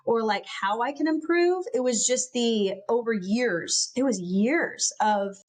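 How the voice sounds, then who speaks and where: A woman's voice: on the high side, lively intonation, measured pace. A woman guest on a podcast recounting a personal story, earnest and full of "um" and "like.". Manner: earnest, lots of "um" and "like".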